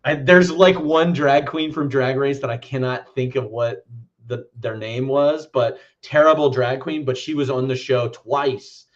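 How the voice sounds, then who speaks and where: A man's voice: medium pitch, steady tone, unhurried, lo-fi sound. A man co-hosting a podcast, chatting casually about a film in a loose, rambling way and swearing freely. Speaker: podcast co-host.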